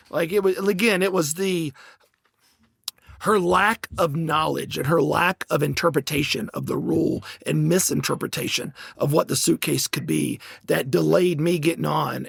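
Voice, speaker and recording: A middle-aged man hosting a podcast, telling a story in a casual, animated and exasperated way, with lots of restarts. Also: high-pitched, vocal fry, breathy edge, no room sound, clean studio sound. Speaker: podcast host.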